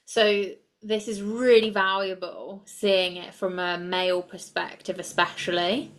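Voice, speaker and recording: Female podcast host, mid-pitched voice, affirming and encouraging interviewer. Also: level tone, unhurried, a bit bright. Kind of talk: interview conversation.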